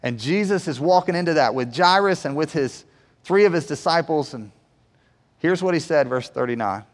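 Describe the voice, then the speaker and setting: A man's voice: a little high, expressive, normal speed. Conversational preacher man in a hall. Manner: conversational, keeps asking the church "right?". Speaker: pastor. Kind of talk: sermon.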